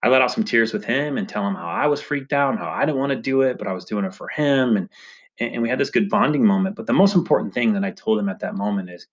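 Man, lowish voice, casual storytelling, lots of "you know" and "right?", muffled lo-fi recording. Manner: conversational, many fillers like "right?" and "you know". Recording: dull lo-fi sound.

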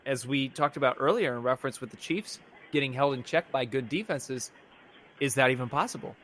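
A man in mid pitch hosts a laid-back fan reaction show, thinking aloud as he goes. He rambles and backtracks, and he sounds worn out and frustrated by his team's bad luck. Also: fairly quick, fairly bright tone, slight background noise. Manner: rambling, exasperated fan rant with frequent restarts. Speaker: podcast co-host. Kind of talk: casual sports fan reaction chat.

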